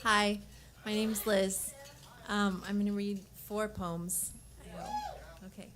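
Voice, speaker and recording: A woman reading her poems at a coffee shop open mic, introducing them softly and hesitantly. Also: mid-range voice, huge pitch swings, takes it slowly, noisy background. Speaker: poet. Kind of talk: poetry reading.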